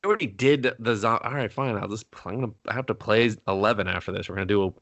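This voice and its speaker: A man co-hosting a casual movie review podcast, telling the plot in a profane, animated way. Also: on the low side, fast, no echo, dull audio. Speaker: podcast co-host.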